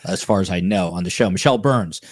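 Loose-talking New Jersey host. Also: male voice, low-pitched, fast talker, no echo, clean studio sound. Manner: loose, filler-heavy, jokey. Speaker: podcast host. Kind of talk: casual podcast hosting.

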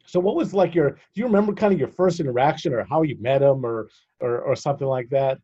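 A man hosts a podcast interview in an easygoing tone, leading his guest with long, winding questions. His voice sits in a middle pitch. The sound is muffled and dull. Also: fast talker, dark tone, husky. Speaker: podcast host. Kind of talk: conversational interview hosting.

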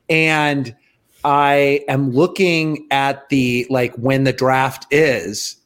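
A man in his thirties co-hosting a podcast, telling a story in rambling, excitable casual chat full of fillers. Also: medium pitch, extremely slow, clean tone. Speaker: podcast co-host.

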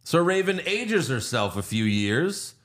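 A man's voice: mid-range voice, big pitch swings, a little slow, fairly bright tone. A man hosting a casual movie review podcast, retelling scenes and acting out lines with plenty of swearing. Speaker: podcast host.

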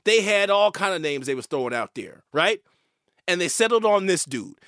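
A man's voice: sits high, normal speed, no room sound, clean studio sound. A male host, talking emphatically and swearing as he delivers opinionated commentary. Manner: animated, emphatic, swearing, with fillers and repeats.

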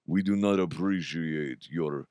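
A menacing rich Russian threatens in a low, slow, quiet put-on accent, as a man puts him on. The voice is dark and close, recorded dry. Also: clear, resonant tone, dry recording.

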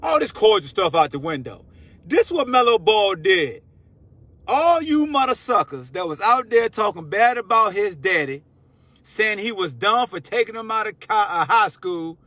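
Fiery, high-voiced male sports-show host. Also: dry recording. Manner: fiery, slangy, shouting interruptions. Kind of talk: heated sports talk rant.

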